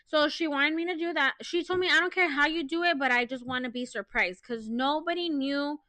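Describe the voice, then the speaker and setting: A woman co-hosting a casual podcast, telling a story with big animated energy, frequent swearing and laughter. Her voice is high and bright. The sound is dry and close. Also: fairly quick, no room sound. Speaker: podcast co-host.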